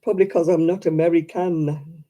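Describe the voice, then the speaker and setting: A woman's voice: lowish voice, fairly even intonation, moderate pace, dark tone. A woman chatting casually to her live stream audience, rambling and self-deprecating.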